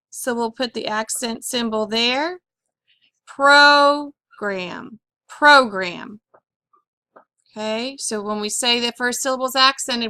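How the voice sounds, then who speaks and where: A woman's voice: fairly high pitch, sharp tone, smooth, no room sound. A woman teaching a phonics lesson on syllables and accents, patiently asking questions and repeating each word for her pupils.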